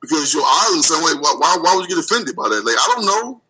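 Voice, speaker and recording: A man hosting a radio talk show, arguing in animated, repetitive casual chat and acting out little back-and-forth exchanges. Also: a little high, over a noisy crowd, low-quality recording. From United States. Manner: animated, repeats words, acts out quick dialogues.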